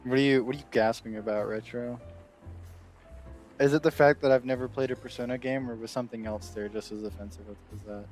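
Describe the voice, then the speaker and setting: A man chatting casually on a stream, excitable and rambling, laughing often. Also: mid-range voice, brisk, faint music behind.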